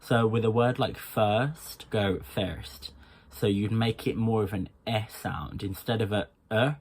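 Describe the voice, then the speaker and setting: A man's voice: fairly low pitch, fairly even intonation, unhurried, a little hiss or hum. A man with a Birmingham accent giving a casual accent tutorial, talking loosely with lots of ums and stopping to demonstrate sounds. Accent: Birmingham English. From England. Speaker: accent coach.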